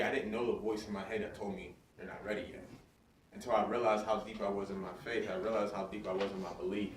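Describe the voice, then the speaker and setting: A man giving a motivational talk to students in a school hall. He speaks with energy and keeps checking in with his audience. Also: fairly low pitch. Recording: roomy and distant, faint noise.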